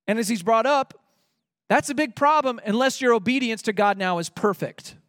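A man's voice: extremely high pitch, normal speed, fairly bright tone, no room sound, studio quality. A man preaching a sermon, emphatic and rising when he reads out scripture. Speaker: pastor.

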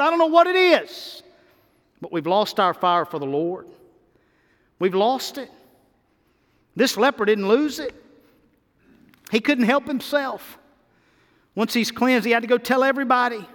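A male pastor with a very high voice delivers a sermon in a church. He swings between booming emphasis and quick, hushed stretches. His voice rings out with a long hall echo. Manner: preaches with swings between loud emphasis and quiet fast talk.

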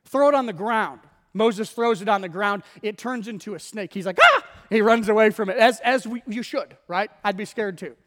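Male pastor preaching, high voice, acts out little quotes, big echoey church sound. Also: brisk, few pauses. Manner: animated storytelling, acting out quotes. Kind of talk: sermon. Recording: long reverb of a large hall.

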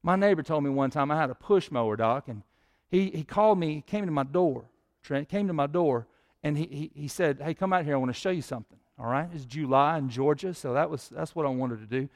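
A man preaching a sermon as pastor, his voice swelling louder and higher when he prays. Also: brisk.

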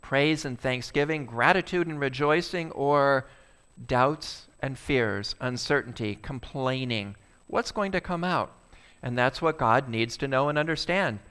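A male pastor preaching a sermon, asking the congregation rhetorical questions and swinging between loud bursts and quiet asides. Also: mid-range voice, smooth.

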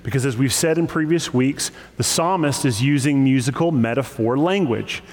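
A man preaching a sermon, lively and emphatic, with joking asides. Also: mid-range voice, moderate pace, long reverb tail. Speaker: pastor.

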